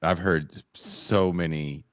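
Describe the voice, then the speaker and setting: Laid-back low-voiced podcast host. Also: male voice, fairly even intonation, takes it slowly, no echo, clean studio sound. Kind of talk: casual podcast chat.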